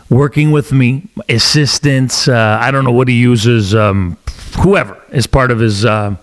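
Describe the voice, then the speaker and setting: A middle-aged Canadian man hosting his own podcast, ranting bluntly about politics in a combative, offhand way. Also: mid-range voice. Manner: blunt, combative, talks with his hands in asides. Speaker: podcast host. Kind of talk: opinionated political rant.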